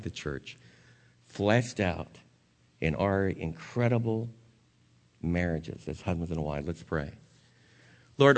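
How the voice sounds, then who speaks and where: A man with a fairly low voice preaches a sermon in an earnest way. He climbs to emphatic peaks and then sinks back to a soft, quiet tone, and he ends by leading a prayer. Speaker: pastor.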